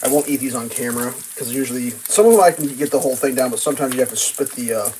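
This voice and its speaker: A woman hosting a casual livestream, ranting sarcastically and swearing while she cooks, jumping into high mocking voices. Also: rapid-fire, dark tone, a little hiss or hum, poor audio. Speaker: livestream host. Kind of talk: casual political rant while cooking.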